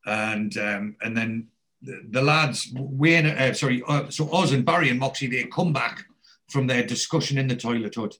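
A man's voice: mid-range voice, normal speed, a bit bright. A man casually retelling a TV episode as a podcast host, rambling with many restarts and fillers.

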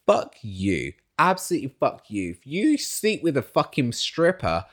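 A man's voice: medium pitch, wildly swooping pitch, unhurried, fairly bright tone. A male recap host who talks casually and with strong opinions, swearing freely as he goes. His mid-range voice swings up and down with a lot of expression.

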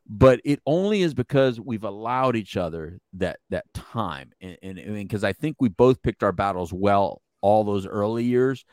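Lively, laughing middle-aged man. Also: lowish voice, normal speed, hardly any pauses, dry recording. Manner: animated storyteller, laughs often, repeats words. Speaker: podcast co-host. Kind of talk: casual chat.

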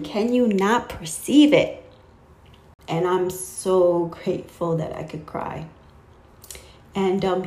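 A faith vlogger with a mid-range voice gives her viewers a casual spiritual talk, rambling warmly and cutting herself off with fillers. The room is echoey, with slight background noise.

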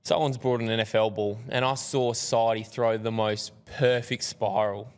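A man's voice: on the low side, normal speed, smooth. Man telling a story, reverberant. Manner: animated, self-mocking storyteller. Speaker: podcast guest. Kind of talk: casual storytelling. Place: podcast studio.

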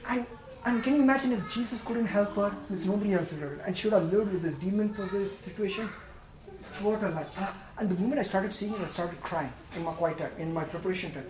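A male pastor delivers a lively sermon, booming out emphatic points, then dropping to a hushed, personal tone as he recounts his reflections. His voice rings through a reverberant space. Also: fast, a crowd in the background.

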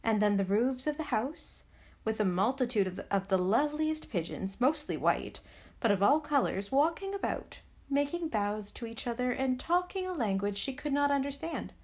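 Canadian woman storyteller, podcast host, soft measured narration, voice sits a bit high. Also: animated. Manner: gentle, soothing, measured.

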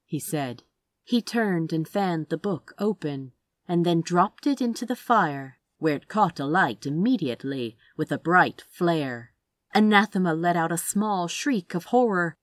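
Female story narrator, slow and expressive with lively pitch, lowish voice, dry close recording. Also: no echo. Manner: measured, expressive. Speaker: reader.

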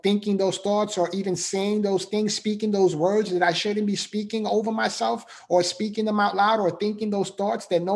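Earnest man giving a motivational talk. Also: high-pitched. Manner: earnest, repetitive, emphatic, frequent "right?". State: emotional. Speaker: motivational speaker. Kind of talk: faith-based motivational talk.

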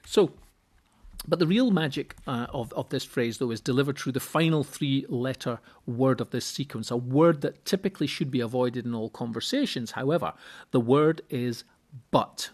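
A middle-aged man talks through ideas on his own podcast at a mid-range pitch. He explains step by step and often doubles a word while he thinks. His voice turns animated whenever he acts out what other people say. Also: moderate pace. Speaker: podcast host and seminar speaker. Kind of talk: solo instructional podcast.

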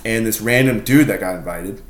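A young man in his twenties telling party stories in casual chat, swearing and laughing, jumping into loud high-pitched quotes. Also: fairly quick, roomy sound. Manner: animated, swears a lot, laughs often, jumps into loud high acted quotes.

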